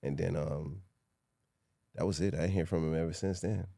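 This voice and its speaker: A man's voice: low voice, fairly even intonation, normal speed, vocal fry, dark tone, dry recording, clean studio sound. A man from Miami, a podcast guest, telling stories from his life in a laid-back, reflective way with casual slang. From Miami, Haitian family. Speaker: podcast guest, former football player. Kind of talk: casual interview storytelling.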